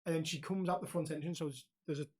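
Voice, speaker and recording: This young podcast co-host speaks quickly with a voice on the high side. He spins loose, animated stories in a casual chat, full of laughter and plenty of swearing.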